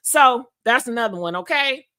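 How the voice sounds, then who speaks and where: A woman hosting a casual chat show tells her dating stories with blunt, sassy humor. Her voice sits high and rings bright, and she keeps calling the listeners girl and honey. She swears freely and breaks into laughter. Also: lively intonation, normal speed. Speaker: podcast host.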